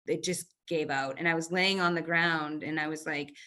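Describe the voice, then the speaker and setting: A woman in her thirties, a marathon runner, telling stories in an interview on a video call, animated, with quick restarts and fillers. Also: sits low. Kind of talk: conversational interview storytelling.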